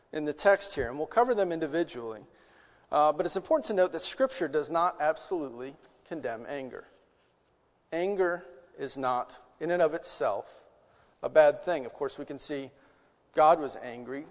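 Earnest preacher man in a reverberant hall. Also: on the high side. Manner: earnest, rhetorical questions, shifts loud and soft. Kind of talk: sermon.

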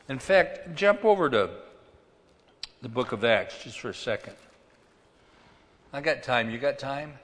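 A man preaching a sermon as pastor, swinging between loud emphasis and quiet asides. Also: medium pitch, lively intonation, a little slow, long pauses, long reverb tail.

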